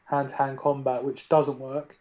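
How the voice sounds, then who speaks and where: A man in a casual podcast chat, animated and arguing his points at length, peppered with "you know". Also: mid-range voice, normal speed. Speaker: podcast co-host. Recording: dull lo-fi sound.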